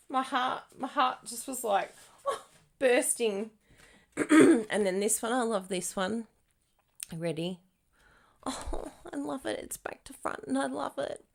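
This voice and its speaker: A woman's voice: on the high side, takes it slowly, gravelly, pauses often. A woman hosting a casual live craft tutorial, bubbly and giggly, breaking into squealed exclamations as she chats to viewers. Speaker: papercraft demonstrator hosting a live stream.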